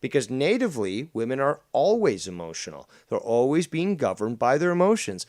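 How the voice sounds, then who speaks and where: Male streamer, mocking and combative, lively swooping delivery, dry close sound. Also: mid-range voice, moderate pace, few pauses, no echo. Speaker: streamer reacting to a clip. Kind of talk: casual stream commentary.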